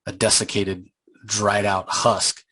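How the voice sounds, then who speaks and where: Low-voiced man recapping comics casually. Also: level tone, pushed and bright, rough recording. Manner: rambling, with frequent filler pauses. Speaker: comic book reviewer.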